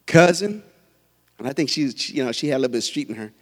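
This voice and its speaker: A male preacher giving a fervent sermon, swinging from quiet asides to shouted peaks. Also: medium pitch, expressive, fast, big-room sound.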